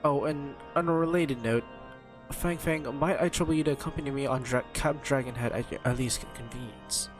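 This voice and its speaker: A man's voice: mid-range voice, normal speed, music in the background, lightly acted. A man reading game dialogue aloud as a formal, stately noble knight commander with archaic phrasing. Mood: courteous.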